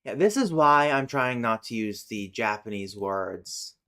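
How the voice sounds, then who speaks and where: A man's voice: mid-range voice, animated, unhurried, sharp tone. A man casually reading a linguistics text aloud on a stream, breaking off into exasperated, swearing rants. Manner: swears, self-correcting. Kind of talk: casual live stream chat.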